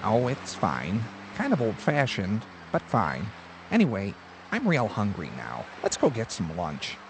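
A man's voice: on the low side, wildly swooping pitch, measured pace, noisy background, heavily acted. A young man with an American accent acting a joking, always-hungry newlywed husband in a scripted learner dialogue. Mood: teasing. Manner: joking, wheedling. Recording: music playing behind.

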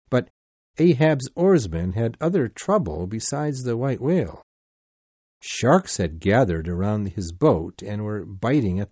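A man narrating a sea story in a deliberate, clearly paced reading. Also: on the low side, mellow, no echo. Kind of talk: slow simplified-English story reading.

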